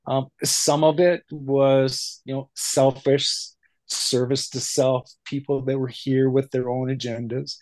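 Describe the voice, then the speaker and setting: A man's voice: a little high, a little mellow, no room sound. Rambling man on a dry call. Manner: rambling, thoughtful, with many ums. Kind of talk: casual spiritual discussion.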